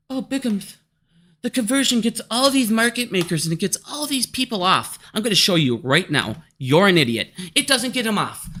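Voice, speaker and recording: A man delivers a heated, profane market rant straight at his audience. His voice sits high and has a bright, sharp edge. He argues hard and swears constantly without letting up. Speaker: stock market commentator. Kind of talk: angry ranting vlog.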